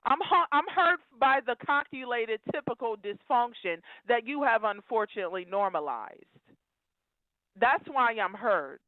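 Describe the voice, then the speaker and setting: A woman's voice: a little high, lively intonation, unhurried, no echo. Emphatic woman ranting over a phone line. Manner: emphatic, preachy, lectures listeners directly. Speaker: call-in caller. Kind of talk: live call-in rant. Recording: tinny dry phone line.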